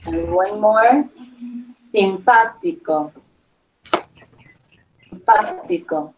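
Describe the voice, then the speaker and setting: A woman teaching a Spanish class, slowly dictating words and spelling them out letter by letter, with patient repetition. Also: on the high side, animated, a little hiss or hum. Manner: slow, patient, repeats each word and letter. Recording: distant, dull lo-fi classroom recording.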